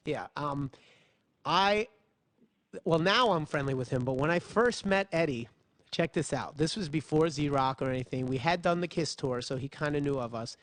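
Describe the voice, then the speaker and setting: A man's voice: on the high side, normal speed, no echo. A man hosting a talk show, telling stories animatedly and acting out what others said. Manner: animated storyteller, acts out other people's voices. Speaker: podcast host. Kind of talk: casual storytelling chat.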